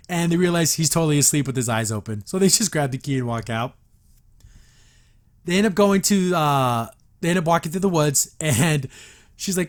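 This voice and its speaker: A man's voice: a little high, brisk. A man hosting a podcast, recapping and reviewing a cartoon episode in a loose, chatty way, laughing at gags and paraphrasing scenes.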